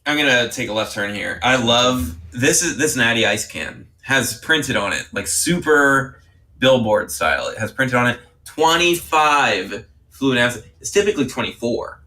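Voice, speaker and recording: A man's voice: medium pitch, animated, a little slow, pushed and bright. A man co-hosting a stream who is a bit drunk and rambles with laughter. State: tipsy. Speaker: regular co-host.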